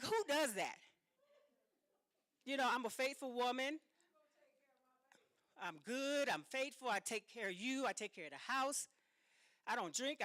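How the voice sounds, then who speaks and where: A woman giving a speech as an author, telling a personal story in a dramatic, animated way with emphatic repetition. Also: on the high side, dry recording, clean studio sound. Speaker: speaker and author.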